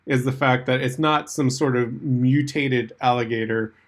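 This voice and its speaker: A man co-hosting a podcast in casual chat, jokey and quick to riff on silly ideas. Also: medium pitch, steady tone. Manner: jokey, riffs on silly scenarios. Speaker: podcast co-host.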